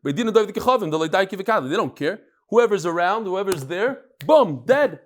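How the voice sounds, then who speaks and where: A man with a fairly high voice teaches a Talmud class, reading passages and explaining them with lively energy. He is middle-aged and tells anecdotes quickly and expressively. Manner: animated, quick storytelling with Hebrew-Aramaic reading. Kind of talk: Talmud lecture.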